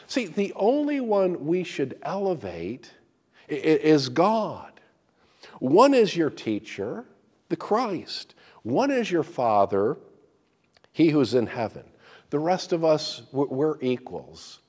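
A man's voice: fairly high pitch, very animated, slow pace, darkish tone, long reverb tail. A man preaching a sermon as pastor, emphatic and often repeating words as he restarts.

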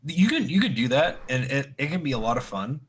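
A man's voice: mid-range voice, very animated, brisk, slight background noise. A man co-hosting a casual podcast chat, rambling through stories with lots of laughter and acted-out quotes. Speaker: podcast co-host.

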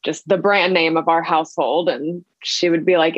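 A woman's voice: sits low, fairly even intonation, moderate pace, no room sound. Chatty woman, slightly dull dry recording. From Louisiana. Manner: chatty, many fillers, acts out quoted voices. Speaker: guest, ice cream entrepreneur. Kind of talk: casual interview storytelling.

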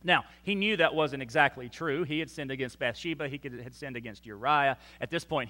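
A man, a pastor, preaching a sermon with emphatic rises and slow, stressed quoted lines. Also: medium pitch, pushed and bright. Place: church sanctuary.

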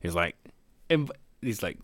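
Animated, foul-mouthed man telling a story. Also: low voice, unhurried, very noisy. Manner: profane, animated, swears a lot. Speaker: podcast co-host; construction worker. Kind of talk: casual storytelling chat.

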